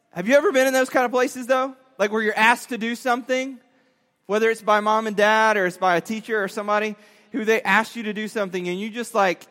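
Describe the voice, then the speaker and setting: High-voiced dad telling an animated story. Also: male voice, big-room sound. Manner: animated, acts out quotes, laughs often. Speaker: father telling a story to a young audience. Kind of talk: storytelling talk.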